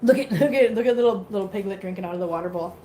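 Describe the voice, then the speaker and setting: A woman's voice: mid-range voice, very fast, warm tone, slight background noise. A woman hosting a casual livestream at home, baby-talking to her cats and chatting with viewers. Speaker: host of a cat-care livestream.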